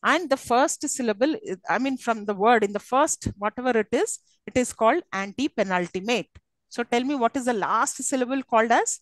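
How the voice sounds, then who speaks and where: Female lecturer; high pitch, dry recording, patient step-by-step explanations. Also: normal speed, no echo, poor audio. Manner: explains step by step, often checks "okay?". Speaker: English lecturer. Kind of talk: live classroom lecture.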